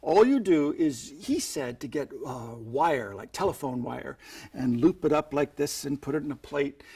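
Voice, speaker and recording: Gravelly-voiced man teaching magic tricks. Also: a little high, a little mellow. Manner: chatty demonstrator, playful sound effects like "boop". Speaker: magic instructor. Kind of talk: instructional magic tutorial.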